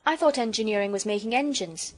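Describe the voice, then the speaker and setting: A woman's voice: on the high side, quick pace, close to an everyday voice. A woman voicing an earnest, polite young girl in a children's storybook, eager and a little shy.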